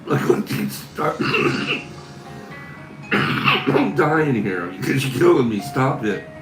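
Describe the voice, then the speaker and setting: A man's voice: medium pitch, very animated, takes it slowly. A man hosting a casual live stream, reading viewer comments aloud and laughing constantly. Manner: laughs constantly, giggly and teasing. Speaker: livestream host. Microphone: phone camera. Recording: echoey room with music behind.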